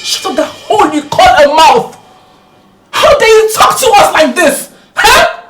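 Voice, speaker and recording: A woman's voice: very high-pitched, big pitch swings, a little slow, loud music behind the voice, heavily acted. An indignant Nigerian widowed mother. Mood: furious. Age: older. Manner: shouting, indignant. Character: furious widowed mother defending her family. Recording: echoey room, loud noise.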